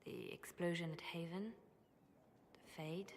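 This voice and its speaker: An actress playing a serious, probing female adviser in a video game, low-voiced and earnest in manner. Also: steady tone, measured pace, a little hiss or hum, close to an everyday voice. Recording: game audio with long reverb.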